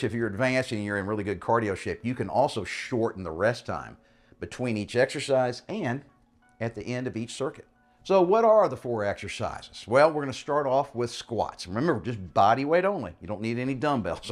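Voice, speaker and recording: A man coaching a bodyweight workout, explaining in a casual, encouraging way and often checking in with "all right?". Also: medium pitch. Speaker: fitness coach. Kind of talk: workout instruction.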